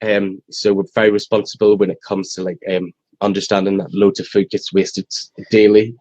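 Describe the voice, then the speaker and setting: A man with a thick Irish accent and a low-pitched voice talks in a loose, rambling way, laughing easily. The sound is dry and a bit muffled. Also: little pitch movement, normal speed, darkish tone, dry recording. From Ireland. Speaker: restaurant staff guest. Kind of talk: casual interview.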